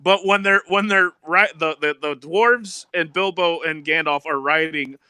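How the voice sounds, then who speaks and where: A man co-hosting a casual gaming stream, telling animated, profane stories. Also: on the high side, a little slow, smooth, no room sound. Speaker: stream co-host.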